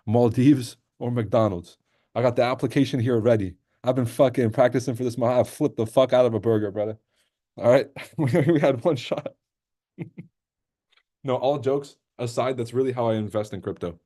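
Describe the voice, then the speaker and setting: A man's voice: medium pitch, warm tone. Profane, joking male livestream trader. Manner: joking, profane, reacts to chat. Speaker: livestream trading host. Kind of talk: casual livestream commentary.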